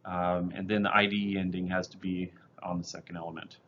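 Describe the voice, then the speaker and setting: Man, chemistry teacher, recorded lecture, somewhat low voice, methodical explaining, muffled lo-fi sound. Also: flat delivery, brisk. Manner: plain, methodical explaining with fillers. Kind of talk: recorded lecture over slides.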